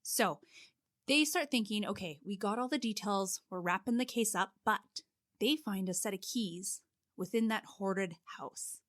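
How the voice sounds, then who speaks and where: A woman's voice: medium pitch, a little slow, no room sound. Casting note: woman co-host telling a true-crime case casually, dry close-miked sound. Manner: steady storytelling with frequent "like" fillers.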